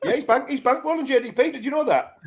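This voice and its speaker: High-voiced man in laughing banter. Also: expressive, fast, noisy background. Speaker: co-host. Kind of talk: casual chat.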